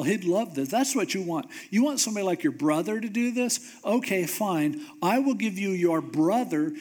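A preacher acting out an exasperated, sarcastic God in the middle of a sermon story. The voice sits a little high and scolds with slow, drawn-out emphasis. It sounds impatient and mocking. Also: male voice.

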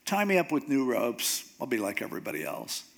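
Guy doing a dumb strongman, low offhand mumble, careless. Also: brisk, creaky. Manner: low, flat, offhand delivery. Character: dim-witted strongman, blunt and careless. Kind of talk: comic sermon retelling.

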